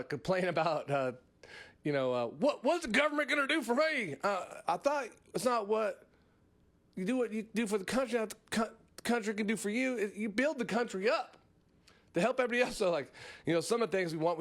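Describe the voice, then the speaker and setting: A man hosting a comedy podcast, rambling through a casual monologue with frequent laughs and mocking asides. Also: high voice. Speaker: podcast host.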